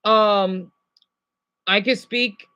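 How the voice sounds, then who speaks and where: Casting: American man, bright voice, rambly live-stream chatter, stumbles and restarts. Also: high voice, steady tone, drawn-out words, clear, resonant tone. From United States. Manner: rambling, many restarts and fillers. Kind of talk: casual live chat with viewers.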